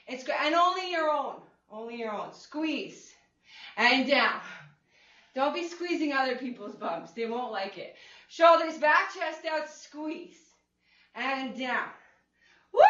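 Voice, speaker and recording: A woman's voice: high voice, pushed and bright. A woman leading a chair-friendly exercise class, upbeat, playful and encouraging, cheering her class on. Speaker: fitness instructor. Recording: echoey room, mic at a distance, dull lo-fi sound.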